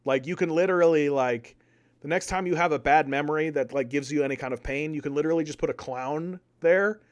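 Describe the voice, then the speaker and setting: A young man doing casual live-stream political commentary, animated, repeating words and arguing with his chat. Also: on the high side, fairly quick, clear, resonant tone. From Canada.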